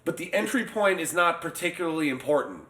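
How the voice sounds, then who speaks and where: A man discussing a novel casually, halting and restarting his sentences often. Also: a little high, big pitch swings, fairly bright tone. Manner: hesitant, stammering restarts. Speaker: podcast host. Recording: roomy echo.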